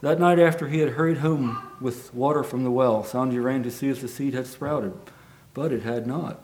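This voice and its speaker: A man's voice: medium pitch, moderate pace, a little mellow, a little hiss or hum. A man who reads a children's story aloud and then preaches a sermon, in an earnest manner with frequent restarts.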